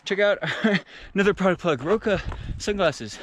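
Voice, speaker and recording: A man's voice: high voice, lively intonation, moderate pace, fairly bright tone, slight background noise. Breathless man vlogging on a mountain run. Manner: enthusiastic, breathless, talks while climbing. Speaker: trail running vlogger and coach. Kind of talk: casual vlog narration while running. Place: high mountain trail outdoors.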